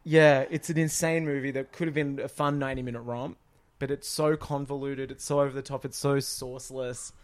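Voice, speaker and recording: A man co-hosting a podcast, in casual chat, retelling a film in an animated, exasperated way with rambling asides. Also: mid-range voice, fairly quick. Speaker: podcast co-host.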